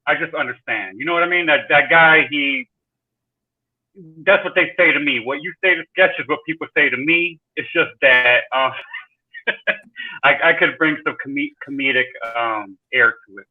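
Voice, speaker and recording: A man's voice: a little high, moderate pace. A man chatting as a guest on a livestream, stammering and apologetic. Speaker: stream guest. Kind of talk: casual call-in chat. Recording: tinny phone-like call line.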